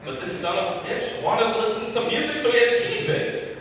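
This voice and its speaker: A man tells stories on a comedy club stage, his voice bright and pushed forward. He swears freely and works the crowd between bits. The sound comes from across a big, echoing hall with a long reverb tail. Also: very high-pitched, animated, brisk, slight background noise. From Michigan, US. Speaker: stand-up comedian. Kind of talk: stand-up set. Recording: echoey hall from far off.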